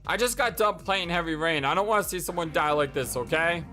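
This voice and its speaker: A let's play host reading a visual novel aloud and reacting in an excitable, stammering way. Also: male voice, a little high, a little fast, faint music behind.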